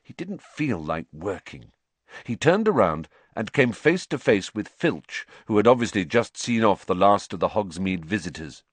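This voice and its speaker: A man narrating an audiobook, reading with lively character work. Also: fairly low pitch, normal speed, breathy edge, no echo.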